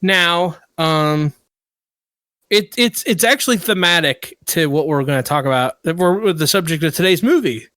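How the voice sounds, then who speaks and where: A man's voice: fairly high pitch, moderate pace, dry recording. A man co-hosting a podcast, telling a story in casual chat and getting worked up and indignant. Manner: animated storyteller who gets worked up and indignant. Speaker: podcast co-host.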